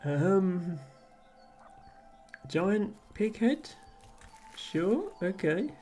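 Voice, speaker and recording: Laid back streamer chatting through a cozy game, slow, lively pitch, music quietly under it. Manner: relaxed, amused, reads chat aloud. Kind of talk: casual live-stream commentary.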